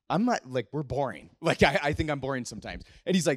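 A man's voice: fairly high pitch, expressive, fast talker, no room sound, studio quality. A young man preaching a youth sermon, telling stories in a casual way with many fillers and repeated words. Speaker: youth pastor. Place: church youth service.

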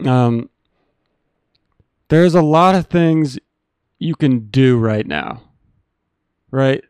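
A man's voice: medium pitch, extremely slow, darkish tone, clean tone, dry recording. A man hosting a live stream, talking in a blunt, earnest, profane way to his viewers. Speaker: stream host. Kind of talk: casual chat.

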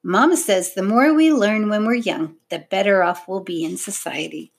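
A woman's voice: medium pitch, normal speed, breathy edge. A woman voicing a friendly, polite ten-year-old girl in a storybook reading, chirpy and eager.

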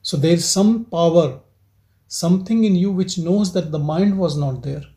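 A man gives a reflective spiritual talk as satsang teacher, probing listeners with repeated rhetorical questions in a gentle teaching tone. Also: high voice, normal speed.

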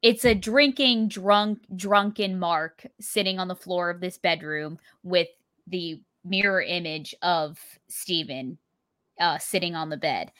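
A woman's voice: lowish voice, slow pace, fairly bright tone, no echo, clean studio sound. A woman co-hosting a casual podcast, chatting animatedly and retelling scenes with acted quotes. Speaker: podcast co-host. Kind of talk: casual chat.

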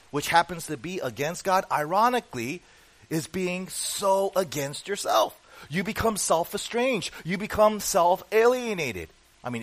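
A man's voice: fairly high pitch, poor audio. A man preaching a sermon as pastor, emphatic and full of rhetorical questions put to the congregation.

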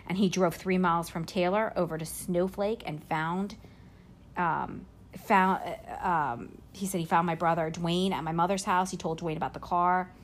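Woman on a podcast, kinda low voice, tells the story with lots of ums and restarts. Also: steady tone, a little hiss or hum. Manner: retells a story haltingly, with many fillers and self-corrections. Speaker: podcast host. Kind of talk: casual storytelling chat.

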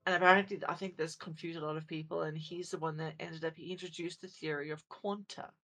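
A woman's voice: low-pitched, fairly even intonation, quick pace, a bit bright. A woman co-hosting a podcast in casual chat, rambling and self-deprecating, full of fillers and restarts. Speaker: podcast co-host.

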